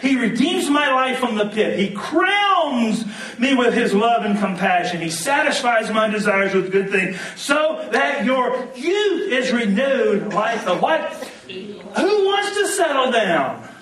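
A high-voiced male pastor delivers an animated, joking sermon and has the congregation repeat lines back to him. He is heard in a roomy, echoing church hall, a little distant from the mic. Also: takes it slowly.

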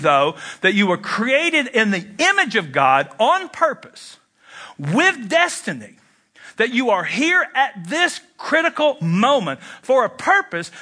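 High bright-voiced guy preaching, jokey, pitch bouncing all over. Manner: animated, jokey preaching with sudden pitch jumps and mock voices. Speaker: pastor. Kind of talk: sermon.

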